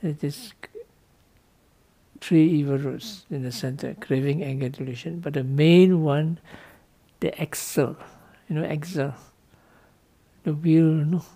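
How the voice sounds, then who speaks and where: A Buddhist monk gives a dharma talk to students in loose, non-native English, teaching playfully with frequent "no?" tag questions to check understanding and small, light laughs. His voice is on the high side and dark in tone, and he takes it slowly.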